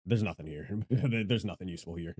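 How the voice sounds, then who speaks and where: A man streaming from home, loud and self-deprecating, rambling through casual mic tests on a studio microphone. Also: low-pitched, a little fast, husky. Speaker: gaming content creator and streamer. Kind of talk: casual livestream mic testing. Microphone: studio microphone with equalizer.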